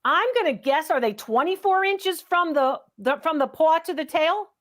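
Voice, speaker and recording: Brief: high-pitched middle-aged woman host, upbeat, chatty antiques appraiser on a call-in show. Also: expressive, moderate pace, fairly bright tone.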